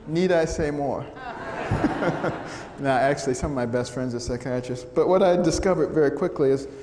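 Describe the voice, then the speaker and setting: A middle-aged American man giving a storytelling talk to an audience, humorous and animated, often acting out the voices of the people he quotes. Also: a little high, normal speed. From United States. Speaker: speaker giving a testimony talk. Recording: echoey hall sound with faint noise.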